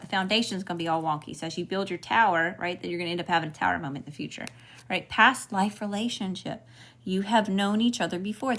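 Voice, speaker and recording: A woman's voice: lowish voice, fairly bright tone, slight background noise. A woman with a Southern US accent giving a casual spiritual reading as a tarot reader, talking frankly and swearing freely with chatty asides.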